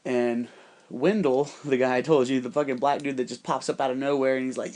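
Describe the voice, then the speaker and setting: A man's voice: mid-range voice, fairly quick. A man telling a personal story in a casual, rambling monologue, swearing constantly and acting out the voices of other people. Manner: profane, rambling, animated quoting of others. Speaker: podcast storyteller.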